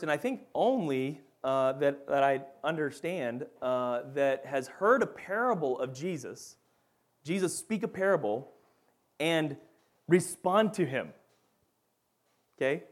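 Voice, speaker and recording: A man teaching a Bible lesson in a casual, animated way, often checking in with his listeners. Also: fairly high pitch, normal speed. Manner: animated, acts out quoted voices, frequent "right?" and "okay?".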